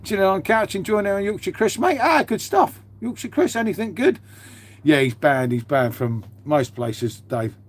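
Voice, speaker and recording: A man's voice: sits high, lively intonation, moderate pace. A man, host of his own livestream, chatting casually and swearing freely. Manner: blokey, swears freely, says "mate" a lot.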